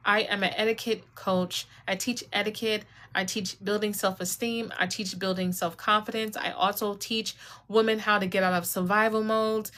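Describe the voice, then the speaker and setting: A woman's voice: medium pitch, a bit bright. A woman coach talking directly to viewers on a live stream, conversational and coaching, calling them y'all. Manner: conversational, drops into quoted mom voices. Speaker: etiquette and self-esteem coach.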